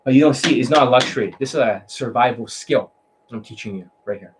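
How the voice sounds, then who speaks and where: A man with an ordinary mid-range voice, lecturing as a dating coach. He is blunt and swears freely. He mocks his students and slips into quick imitations to show what he means. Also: medium pitch, noisy background. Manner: profane, mocking, blunt; mimics voices to demonstrate. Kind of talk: coaching monologue.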